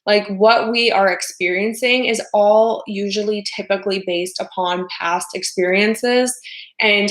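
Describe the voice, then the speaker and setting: A woman's voice: medium pitch, fairly bright tone, echoey room. A woman coaching her viewers in a casual livestream. She talks chattily, full of "like" and "you know", and acts out the voices she quotes. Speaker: life coach hosting a livestream.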